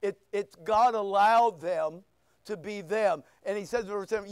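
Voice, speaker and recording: A male pastor preaching a sermon, firing rhetorical questions and sharp asides at his congregation. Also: sits high, moderate pace, clear, resonant tone, no echo. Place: church.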